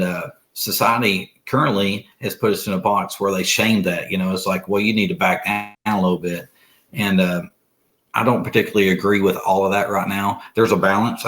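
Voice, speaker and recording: A man's voice: on the low side, a bit bright. A middle-aged man talking earnestly as a podcast guest, rambling and restarting his sentences. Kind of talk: casual conversation.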